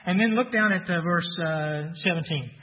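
A man preaching a sermon earnestly, rising loud for emphasis and dropping soft for weight. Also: high-pitched, normal speed. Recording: dull sound with long hall reverb.

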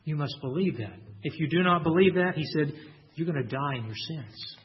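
A man preaching a sermon, emphatic and deliberate, slowing down and stressing key lines, sometimes repeating words as he restarts. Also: a little high, animated. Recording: dull lo-fi recording.

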